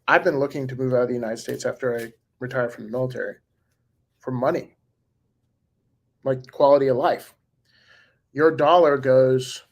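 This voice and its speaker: On a live stream, a man in his forties responds to viewer comments, chatting casually and rambling with plenty of fillers and little chuckles. His voice sits in the mid range and has a slightly mellow quality.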